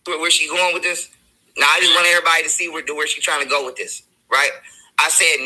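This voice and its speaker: A man's voice: a little high, level tone, fast talker, bright, forceful tone, poor audio. A man in a played video clip, defending himself in an argument and recounting text messages. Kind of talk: heated self-defense.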